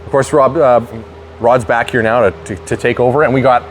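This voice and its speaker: An upbeat man hosting a relaxed talk show, bantering and joking with his co-host. His voice sits at an ordinary middle pitch. A faint hiss of background noise runs under the recording. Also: brisk. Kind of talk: casual chat.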